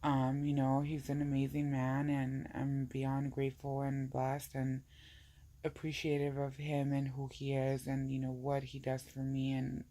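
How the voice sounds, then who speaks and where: A woman's voice: rumbling low, completely flat delivery, unhurried, mellow. A woman talking in a casual personal vlog, rambling and full of "I was like" and "you know". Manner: emotional, tearful at times. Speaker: vlogger.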